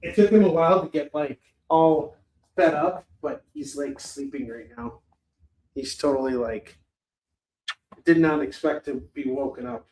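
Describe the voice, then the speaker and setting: A man's voice: fairly high pitch, a little slow, a little mellow, a little hiss or hum. A man hosting a live shopping stream, chatting loosely, laughing and swearing freely. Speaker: live shopping show host. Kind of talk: casual livestream chat.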